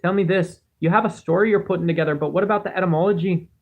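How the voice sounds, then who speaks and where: A man with a somewhat high voice hosts a relaxed livestream. He reads chat messages aloud and wanders from thought to thought, often putting himself down. He talks into a cheap home microphone. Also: very fast, creaky, narrow, tinny audio, noisy background. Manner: rambling, musing, self-deprecating. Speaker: livestream host.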